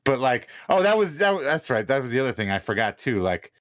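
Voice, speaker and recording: A man's voice: mid-range voice, fairly quick, no echo, studio quality. A man co-hosting a casual sports podcast in an easygoing, chatty way. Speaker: podcast co-host.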